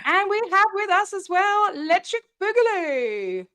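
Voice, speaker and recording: Bubbly high-voiced Australian woman. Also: very animated, bright, forceful tone, no room sound. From Western Australia. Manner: bubbly, chatty, quick to laugh. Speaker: livestream host. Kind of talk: casual livestream chat.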